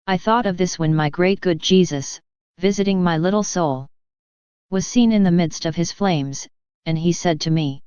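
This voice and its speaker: A woman giving a measured, solemn reading of devotional writings. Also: lowish voice, darkish tone, clean tone, no room sound. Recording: dull, slightly lo-fi dry recording.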